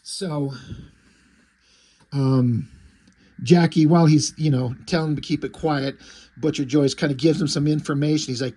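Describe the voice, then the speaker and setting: A man's voice: fairly high pitch, steady tone, normal speed, long pauses, mellow, slightly rough. A man reviewing a comic book in casual chat, rambling, joking and swearing.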